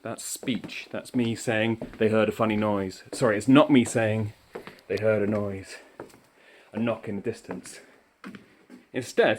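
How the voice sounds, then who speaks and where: A man's voice: fairly low pitch, unhurried, slight background noise. A man, a primary school teacher, giving encouraging instructions for a remote lesson while walking around a school, a little out of breath. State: slightly out of breath. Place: indoors in a school, walking between rooms.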